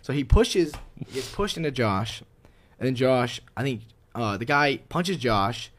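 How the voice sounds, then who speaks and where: A man's voice: mid-range voice, expressive, unhurried, fairly bright tone, a little hiss or hum. A young man co-hosting a casual sports podcast, telling stories animatedly and laughing often. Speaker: podcast co-host. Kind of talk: casual chat.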